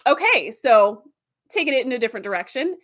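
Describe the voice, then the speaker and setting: A woman's voice: on the high side, a little fast. A woman hosting a casual review video who retells TV episode plots with lots of fillers. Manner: animated plot retelling with many fillers. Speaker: video host.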